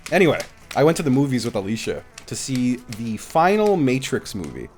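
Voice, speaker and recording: A man with a mid-range voice talks briskly over soft background music during a live gaming stream. He's telling stories animatedly, laughing a lot as he chats.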